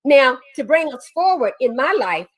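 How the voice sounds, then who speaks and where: A woman's voice: high-pitched, big pitch swings, normal speed, rough recording. A woman poet speaking in a folksy way, calling listeners honey and y'all before reading her poem. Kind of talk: casual chat leading into poetry reading.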